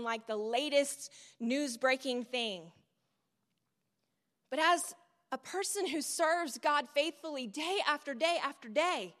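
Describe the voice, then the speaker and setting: Her voice sits high with a fairly bright tone. A middle-aged woman at a church event, she gives her sermon as conversational storytelling, breaking off for asides to the audience, recorded with a long hall reverb.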